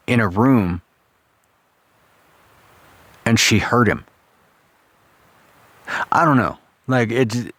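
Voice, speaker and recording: A man's voice: mid-range voice, dry recording. A man exploring an abandoned ghost town, speaking aloud to spirits in a casual, questioning way with some swearing. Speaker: paranormal investigator. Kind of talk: ghost hunting vlog. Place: abandoned ghost town, outdoors and in old houses.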